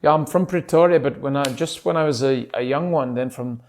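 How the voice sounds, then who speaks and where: A man's voice: medium pitch, a little fast, a little mellow, a little hiss or hum, lightly acted. A man putting on a laid-back South African guy. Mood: wistful. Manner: laid-back, keeps circling back to stock phrases.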